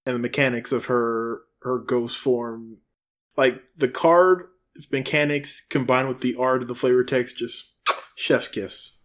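A male podcast co-host talks in relaxed, cheerful chat. He gushes with delight and uses casual fillers. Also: medium pitch, measured pace.

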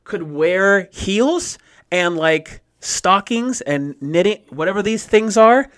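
Young male co-host, lively rambling storyteller, bit of a raised pitch. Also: slow, clear, resonant tone. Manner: animated, swears freely, rambling storyteller. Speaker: podcast co-host. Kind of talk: casual chat.

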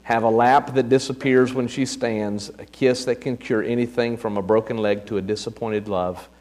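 A man voicing the Lord as a proud, eager creator in a read-aloud story, listing details with excitement. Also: mid-range voice, normal speed, natural voice. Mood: excited.

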